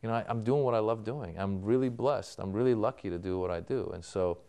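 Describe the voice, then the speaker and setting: A man's voice: fairly low pitch, fairly quick, mellow. A man being interviewed as a comedian, answering in a storytelling way and acting out remembered exchanges. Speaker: comedian guest.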